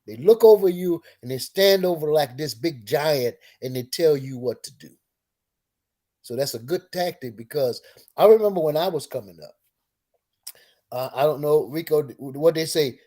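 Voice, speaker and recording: A male co-host on call-in radio with a dark, mellow voice. He preaches in long lists that swell in force as he goes. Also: a little high.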